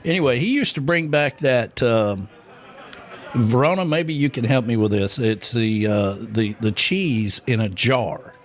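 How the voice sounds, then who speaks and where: A man with a mid-range voice co-hosts a casual radio show, telling rambling stories at a measured pace. His talk is packed with fillers and laughter.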